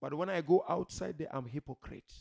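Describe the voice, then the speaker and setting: Impassioned preacher with a gravelly voice. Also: male voice, fairly high pitch, fairly quick. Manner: impassioned, swings from soft pleading to loud shouted emphasis; rhetorical questions, repeats key words. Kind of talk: sermon.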